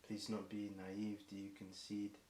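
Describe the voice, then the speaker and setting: A young English man improvising a rambling rhyming freestyle, voice getting hoarse, filling gaps with ums and self-corrections. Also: on the low side, monotone, measured pace, a little mellow. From England. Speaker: streamer performing a marathon song. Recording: echoey room with faint background noise.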